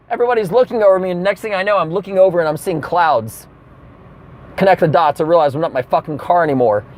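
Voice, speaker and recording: A man's voice: high voice, fast. A man telling a comedic rant from his car, acting out the people in his story. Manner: animated storytelling with acted-out quotes.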